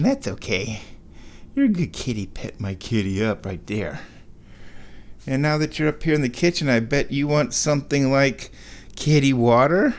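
A man's voice: medium pitch, very animated, normal speed. A man casually narrating a home vlog from his kitchen, rambling and self-amused, often chuckling as he talks. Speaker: vlogger.

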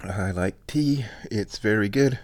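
A man streams his recurring show from indoors at home, chatting casually in a laid-back, rambling way. His voice is fairly low, slow and a little mellow.

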